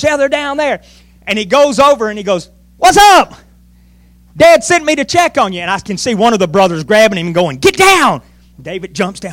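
High-pitched guy preaching, voice jumping all over, acts out the story, dry close sound. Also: a bit bright, no room sound. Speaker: pastor. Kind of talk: sermon. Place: church.

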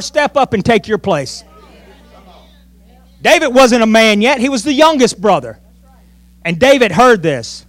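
A man's voice: sits high, moderate pace, no echo. A male pastor preaching a sermon in church, telling a story with lots of energy and acting out the voices. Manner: animated storytelling, acts out voices.

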